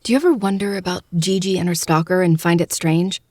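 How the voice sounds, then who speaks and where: A man voicing a wary, defiant young woman in a quick, clipped falsetto while reading a story aloud. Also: darkish tone, no room sound, studio quality, close to an everyday voice. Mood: musing.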